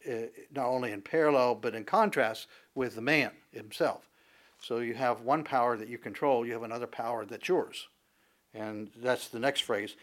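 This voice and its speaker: A man preaching an expository sermon, talking through scripture in a conversational, halting way with many fillers and restarts. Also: mid-range voice. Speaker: pastor.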